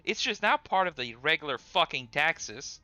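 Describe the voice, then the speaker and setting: Norwegian male streamer, accented English, sharp clear voice, crude and halting, dry lo-fi mic. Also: a little high, very animated, no echo, soft background music. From Norway. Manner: profane, rambling, with hesitant restarts. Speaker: streamer host. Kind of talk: casual stream chat.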